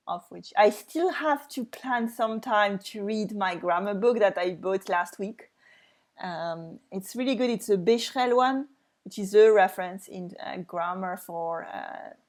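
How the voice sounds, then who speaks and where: Slow, careful French woman teaching. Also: medium pitch. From France. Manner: slow, careful, repeats words and sounds them out. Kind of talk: reading lesson explaining French to learners.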